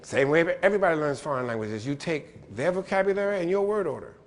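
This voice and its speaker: A man giving a lively lecture-style keynote address, playful and animated, spelling out letters and mimicking pronunciations. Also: on the high side, fast, in a large hall. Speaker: keynote speaker.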